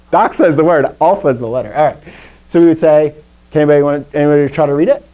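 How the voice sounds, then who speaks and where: Quick and mellow, with a voice a little on the high side, a young man teaches adults Greek over poor audio. He stays upbeat and self-deprecating as he says words aloud and has the class repeat them.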